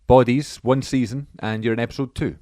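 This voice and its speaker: A man's voice: medium pitch, fairly even intonation, brisk, mellow, dry recording, studio quality. A man co-hosting a podcast, prompting his guest with encouraging questions in casual chat. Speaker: podcast co-host. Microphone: podcast mic indoors.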